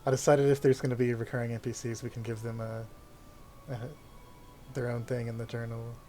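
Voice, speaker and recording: A man's voice: mid-range voice, flat delivery, brisk, mellow, slight background noise. A man narrating as game master in a casual, loose way with plenty of fillers.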